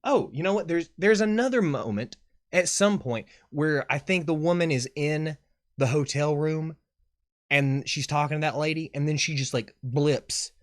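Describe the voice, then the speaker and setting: A man's voice: a little high, normal speed. A man hosting a live chat, recapping a horror movie in a sarcastic, exasperated way that is full of swearing. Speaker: horror movie reviewer and host.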